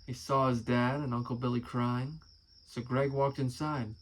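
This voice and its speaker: A man's voice: mid-range voice, little pitch movement, unhurried, rough recording. A man casually reading aloud and commenting, amused and chatty, swearing now and then. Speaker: musician and video creator.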